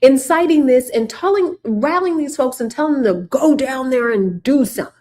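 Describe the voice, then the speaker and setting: A woman's voice: high-pitched, expressive, moderate pace, warm tone. A woman hosting casual political commentary, sarcastic and emphatic, repeating her points for the viewers.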